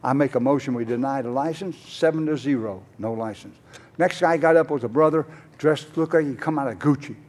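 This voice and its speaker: A man's voice: medium pitch, a little fast, a little mellow. Older man telling his recovery story. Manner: rambling, folksy, many "uh"s, acts out both sides of conversations. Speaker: recovery speaker at a conference. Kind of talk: personal testimony storytelling. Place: conference hall.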